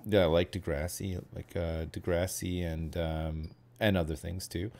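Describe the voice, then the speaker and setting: A man in his thirties hosts a game stream, chatting casually while he plays in a deep, gravelly, darkish voice that moves little in pitch and runs a little slow. He rambles, hedging constantly and filling his talk with fillers and tag questions.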